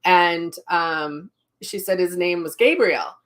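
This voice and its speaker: A woman's voice: on the low side, takes it slowly. Chatty woman hosting a live stream. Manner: chatty storytelling, reads viewer comments aloud. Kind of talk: casual live-stream chat.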